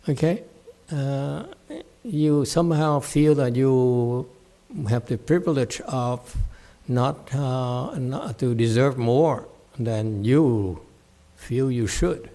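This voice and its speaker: At a temple, a meditation master gives a dharma talk and reprimands a student without softening it; his speech starts low and measured, then erupts loud and high.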